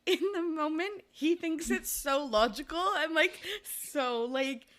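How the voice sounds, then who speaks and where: Bright, chatty woman podcast co-host. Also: high voice, measured pace. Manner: chatty, laughs often, many "like" fillers. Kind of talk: casual book chat.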